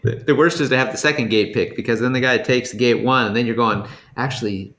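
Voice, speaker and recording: A man's voice: medium pitch, fast. A man in casual chat about racing, acting out quotes from his mechanics. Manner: relaxed, acts out quotes, laughs along. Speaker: fellow racer, podcast guest.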